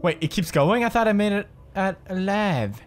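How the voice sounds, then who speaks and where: A young man plays through a horror game, joking and swearing as he goes. His pitch sits a touch high and jumps around, sliding from low grumbles to startled yelps, with faint game music under his voice. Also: expressive, fairly quick. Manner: jokey, swears a lot, swings from mutters to frightened yelps. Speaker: gaming commentator. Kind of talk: let's play commentary.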